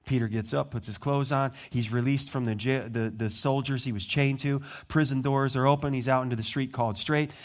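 A male pastor preaching a sermon, telling the story with lively, animated delivery and acting out the people in it. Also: mid-range voice, a little fast, few pauses.

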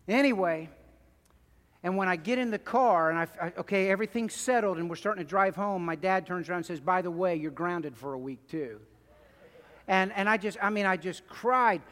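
A man preaching a sermon in a church, telling stories in an animated, emphatic way. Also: sits high, long reverb tail. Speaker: pastor. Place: church sanctuary.

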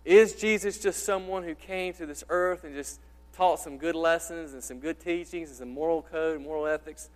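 Pastor guy preaching, voice a bit high, big loud-then-quiet swings, long hall echo. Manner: impassioned, with repeated rhetorical questions and sharp swings in loudness. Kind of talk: sermon. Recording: reverberant hall.

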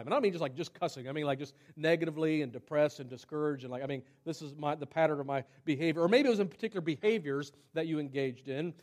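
Male pastor, fairly high-pitched, conversational sermon delivery with emphatic swells and soft asides. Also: lively intonation, quick pace, few pauses. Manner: conversational preaching, rising to emphatic peaks and dropping to hushed asides.

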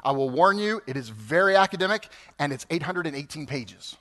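Bright, animated pastor in his fifties. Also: on the high side, brisk. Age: 50s. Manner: animated, rises to emphatic peaks. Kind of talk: sermon. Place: church sanctuary.

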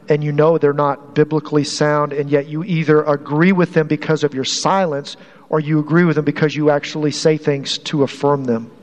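Male pastor giving a chatty sermon, fairly high voice, lots of restarts, long echo in the room. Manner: conversational preaching, repeats phrases, some restarts.

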